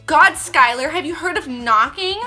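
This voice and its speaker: A woman voicing a bubbly, boy-crazy teen girl heroine with a gushing, breathy excitement. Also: high-pitched, normal speed, faint music behind, pitched above the performer's own voice, exaggerated voice. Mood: snippy.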